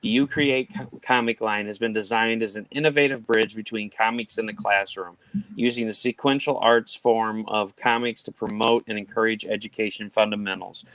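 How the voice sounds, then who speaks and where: A man's voice: on the low side, fairly even intonation, normal speed, a bit bright, dry recording, low-quality recording. A man hosting a casual charity art auction stream, joking around and reading item descriptions aloud. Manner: jokey, reads item blurbs aloud. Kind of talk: casual livestream chat.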